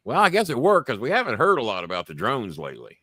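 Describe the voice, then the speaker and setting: A man's voice: mid-range voice, huge pitch swings, fast, pushed and bright, slightly rough, dry recording, studio quality. A man hosting a casual livestream show, telling rambling, profane stories. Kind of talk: casual chat and storytelling.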